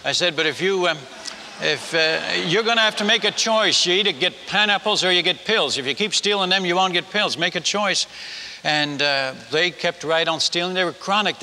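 A man's voice: high voice, bright, forceful tone. An older man with a Dutch accent, telling a humorous missionary story as a sermon in a folksy way, with many restarts. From Netherlands. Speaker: missionary speaker. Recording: long hall reverb with faint noise.

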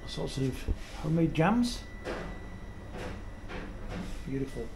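A middle-aged man talks his way through a village on a walking tour. He is chatty and easily delighted, with a fairly high voice. His action camera also picks up faint background noise. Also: big pitch swings, takes it slowly, creaky. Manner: enthusiastic, admiring, chatty. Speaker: vlogger touring villages. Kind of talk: walking tour vlog narration. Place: outdoors in a village, then inside a small shop. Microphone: action camera mic.

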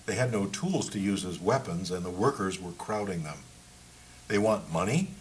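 A man, the author, reading aloud from his book in a measured, steady way. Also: sits low, a little hiss or hum, poor audio.

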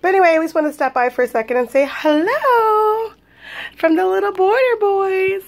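A woman's voice: extremely high pitch, normal speed. A young woman vlogging at home with her twin toddlers at dinner, switching between chatting to viewers and sing-song baby talk to the boys. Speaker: vlogger and mother of twins. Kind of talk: casual home vlog.

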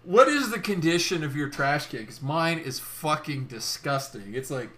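A man's voice: a little high, lively intonation, moderate pace, bright, forceful tone, slight background noise. A tipsy man hosting a casual podcast, rowdy and swearing. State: tipsy from drinking. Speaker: podcast host. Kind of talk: casual drunk podcast chat.

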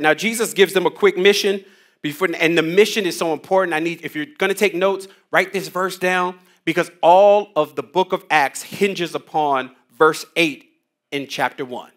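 A man's voice: on the high side, normal speed, fairly bright tone. A man leading a church Bible study on a headset mic, teaching with energy, casual slang and call-and-response lines to the room.

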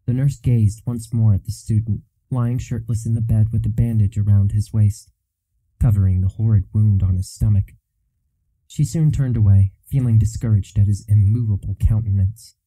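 A man narrating a fantasy novel as an audiobook in a steady, even storytelling manner. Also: fairly low pitch, moderate pace, no echo, rough recording.

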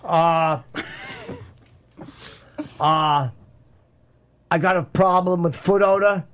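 A man's voice: a little high, steady tone, very slow, a bit bright. A man playing a crude, boastful, needling character who hosts a comedy podcast, teasing and bragging at his guests. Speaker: podcast host.

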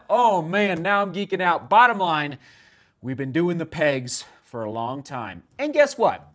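A man's voice: a little high, fairly bright tone. A man reviewing running shoes in an enthusiastic, rambling vlog, often interrupting himself. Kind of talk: excited product review vlog.

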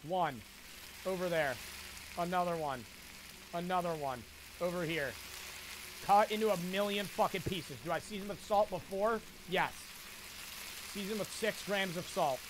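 A man's voice: sits high, a little slow, long pauses, noisy background. Frantic, swearing young man streaming a game. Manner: frantic, profane, talks to chat. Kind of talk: gaming livestream commentary.

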